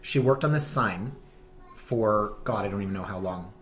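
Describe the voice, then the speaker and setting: A man's voice: on the low side, normal speed, a bit bright. A man, a real estate vlogger chatting casually, rambling and self-deprecating with many ums. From Canada. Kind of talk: casual vlog chat.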